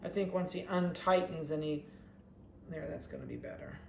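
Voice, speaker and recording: A dog breeder chatting casually while weighing and collaring puppies, talking softly and coaxingly to them. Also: medium pitch, huge pitch swings, moderate pace, creaky. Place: indoor kennel room. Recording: echoey room with faint background noise.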